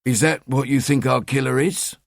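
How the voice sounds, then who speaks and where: A man's voice: fairly even intonation, moderate pace, vocal fry, dry recording, studio quality. A man voicing a brooding, terse male detective inspector in an audiobook. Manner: terse, low-key.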